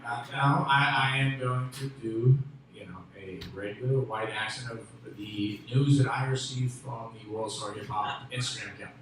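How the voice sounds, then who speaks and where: Rambling stand-up comic in an echoey room. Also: male voice, medium pitch, steady tone, normal speed. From Memphis, USA. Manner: rambling, self-interrupting, loud bursts on punchlines. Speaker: stand-up comedian. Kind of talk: stand-up comedy set. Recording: echoey room with faint ambient noise.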